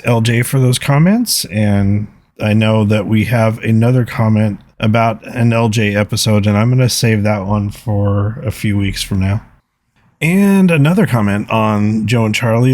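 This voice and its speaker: Male podcast host, lowish voice, earnest and reflective, dry close-mic sound. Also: darkish tone, dry recording. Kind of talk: solo podcast talk, reading listener comments.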